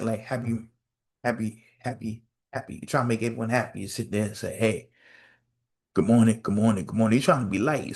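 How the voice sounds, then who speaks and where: A male podcast host telling a story in a casual, animated rant, repeating phrases and acting out quotes. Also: mid-range voice. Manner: animated storytelling with lots of repetition and acted-out quotes.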